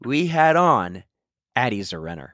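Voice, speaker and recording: Male co-host, enthusiastic, very lively intonation, dry studio sound. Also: mid-range voice, unhurried, dry recording. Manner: upbeat, enthusiastic. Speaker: podcast co-host. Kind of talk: casual podcast chat.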